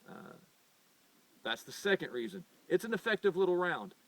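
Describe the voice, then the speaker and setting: A man's voice: high voice, big pitch swings, normal speed, a bit bright, a little hiss or hum. A middle-aged American man hosting a firearms channel, talking off the cuff in an earnest, insistent way and tripping over repeated words. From United States. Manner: rambling, with frequent stumbles and repeated words; earnest and insistent when arguing. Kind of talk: unscripted opinion monologue. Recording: voice picked up from a distance.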